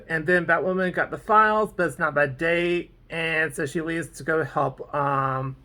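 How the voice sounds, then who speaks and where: Bright-voiced rambling episode reviewer. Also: medium pitch. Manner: rambling, goes off on tangents; fillers like "like" and "um". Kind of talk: casual episode recap.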